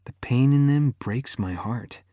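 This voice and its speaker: A man's voice: medium pitch, unhurried, dark tone, dry recording, clean studio sound. A man narrating a romance audiobook in the first person, intimate and emotive, sinking almost to a whisper in tender moments.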